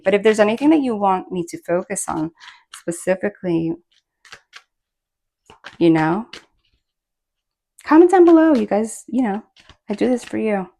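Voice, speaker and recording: A woman giving a casual spoken tarot reading, chatty and rambling, with many fillers and restarts. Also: lowish voice. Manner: bursts of laughter and excited asides. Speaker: tarot reader.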